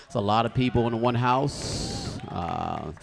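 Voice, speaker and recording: Animated young man doing stand-up. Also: medium pitch, measured pace, vocal fry, slight background noise. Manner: animated, loud storytelling with shouted acted quotes. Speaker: stand-up comic. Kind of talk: stand-up comedy set. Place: comedy club stage with a live audience.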